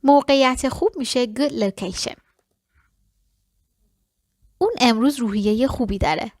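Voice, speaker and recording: Woman, English lesson, fairly high voice, slow deliberate repetition, dry close sound. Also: darkish tone, dry recording. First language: Persian. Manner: repeats English phrases slowly and deliberately after quick explanations. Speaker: English teacher. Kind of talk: language lesson.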